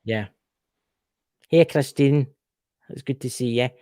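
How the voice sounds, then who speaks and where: A man's voice: medium pitch, slow pace, warm tone, dry recording. A Scottish man co-hosting a casual live stream, reading history aloud with stumbles and jokey mock outrage. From Scotland.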